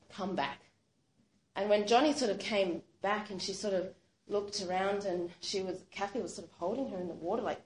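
A woman narrating a story in a loose, chatty way, filling her sentences with little verbal fillers. Her voice sits at a middling pitch. The room echoes and a faint hiss runs underneath. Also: darkish tone. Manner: conversational, with many fillers like "you know" and "sort of". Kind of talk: spoken storytelling. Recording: roomy echo, faint background noise.

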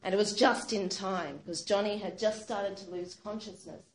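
In a mid-range voice with fairly even intonation and normal speed, a woman relates a story that sounds true, keeping it conversational and sprinkling in plenty of "you know" and "sort of." There's a roomy echo and a little background noise.

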